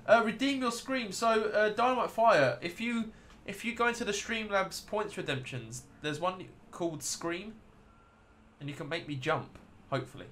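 A man's voice: high-pitched, moderate pace, fairly bright tone, slight background noise. An American man streaming a game live, chatting casually and rambling to his viewers. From United States.

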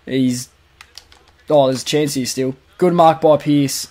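Excitable young Australian gaming commentator. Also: male voice, on the high side, slow pace. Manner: swings from muttered asides to shouted goal calls. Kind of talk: excited play-by-play over a football video game.

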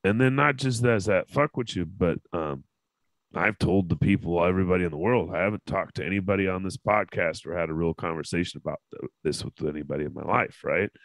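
A man's voice: deep voice, fairly quick, no room sound, poor audio. A man hosting a casual panel podcast, talking candidly and emotionally with frequent swearing. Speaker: podcast host.

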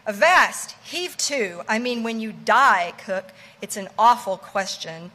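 A woman's voice: a little high, lively intonation, slow pace, in a large hall, heavily acted. A woman doing a brash, bossy ship's mate. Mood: bossy teasing. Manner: loud, teasing, commanding.

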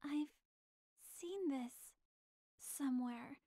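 A woman's voice: sits high, drawn-out words, dark tone, dry recording, studio quality, heavily acted. A woman voicing a young female soldier who is timid, anxious and given to stammering. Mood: pleading. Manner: stammering, pleading.

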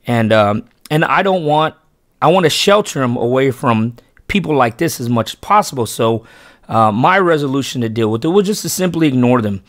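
A man with a mid-range, expressive voice speaks at normal speed, recounting in a rambling, casual vlog how fishing with his son went. The fishing channel host and father restarts and corrects himself often, earnestly and emphatically praising his son. The sound is clean studio audio with no room sound.

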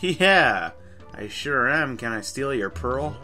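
A man's voice: medium pitch, big pitch swings, slow, bright, forceful tone, faint music behind. A man playing a kids' game and mocking it with crude, sarcastic commentary. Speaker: let's play gamer. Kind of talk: profane comedic game commentary.

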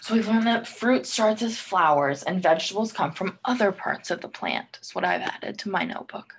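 A woman teacher leads a read-aloud lesson for young students. Her pitch moves in lively, animated swings. She keeps stopping to ask them gentle, coaxing questions. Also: normal speed, a little hiss or hum.

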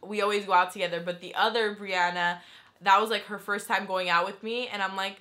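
A young adult woman telling a story in a casual, animated vlog style, saying "like" constantly. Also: medium pitch, brisk. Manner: chatty and animated, heavy use of "like". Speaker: vlogger.

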